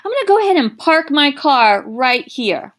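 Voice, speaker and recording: A woman's voice: high voice, very animated, moderate pace, fairly bright tone. A middle-aged woman teacher giving a recorded online lesson, explaining patiently with everyday examples.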